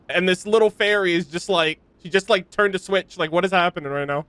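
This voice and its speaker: A man's voice: sits high, normal speed, pushed and bright, clear, resonant tone, no room sound. A young man giving casual, goofy commentary as he plays a video game, laughing often and talking in slang. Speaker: streamer.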